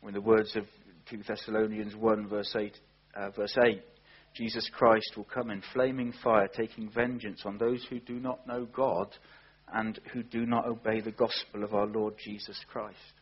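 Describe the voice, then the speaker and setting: A man's voice: on the low side, flat delivery, normal speed, breathy edge, lo-fi sound. A man preaching a sermon, earnest and emphatic, asking rhetorical questions.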